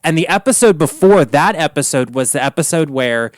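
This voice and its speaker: A man hosting a solo comedy podcast, recapping gossip in an animated, profane way and laughing often. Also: a little high, fairly quick, dry recording. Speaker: podcast host.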